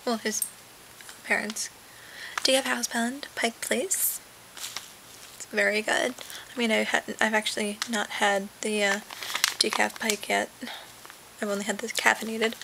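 A young woman chatting into a webcam from her bed, rambling from one aside to the next with lots of fillers. Her voice sits a bit high, and a faint hiss runs under the recording. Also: flat delivery, unhurried, gravelly, long pauses, bright, forceful tone, low-quality recording. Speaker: vlogger. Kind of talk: casual webcam vlog. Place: sitting in bed at home.

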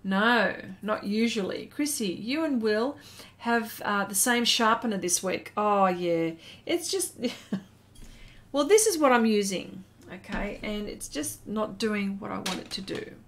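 A woman's voice: mid-range voice, lively intonation, a little slow, fairly bright tone. An Australian woman hosting an art live stream, chatting casually and reading viewer comments aloud as she draws.

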